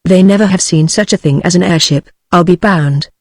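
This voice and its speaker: A woman's voice: fairly low pitch, brisk, a little mellow, no echo, studio quality. Synthetic woman voice reading a chatty fat oil prospector. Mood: explaining. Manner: synthetic evenly read speech. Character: fat middle-aged male oil prospector, talkative.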